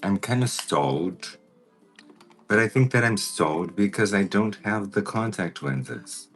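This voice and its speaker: Brief: low-pitched man, slow relaxed pace, chatty makeup livestream with soft music behind. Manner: chatty, greets viewers by name in a high excited voice. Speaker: makeup artist vlogger. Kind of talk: casual livestream chat while doing makeup.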